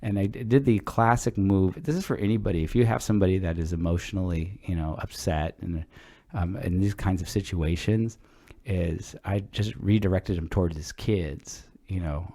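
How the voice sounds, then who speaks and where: A middle-aged man with a fairly low voice, co-hosting a casual chat podcast. He tells long stories in a loose, rambling way, dropping swear words as he goes. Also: normal speed. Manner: relaxed, rambling, swears freely. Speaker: podcast co-host.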